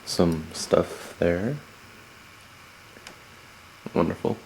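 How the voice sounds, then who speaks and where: A man's voice: low-pitched, very slow, vocal fry, darkish tone. A man giving a rambling house tour with wry asides, recorded on a 1990s camcorder at home. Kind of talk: casual handheld house tour. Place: family house, indoors and garden. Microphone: camcorder built-in mic. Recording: noisy 1990s camcorder audio.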